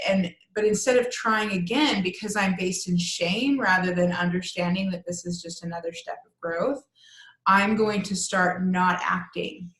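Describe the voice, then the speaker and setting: A woman's voice: medium pitch, steady tone, a little slow. Earnest woman coach, roomy sound. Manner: earnest, conversational, frequent "right?" check-ins. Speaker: coach teaching a transformation course. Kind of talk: online class talk. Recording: roomy echo.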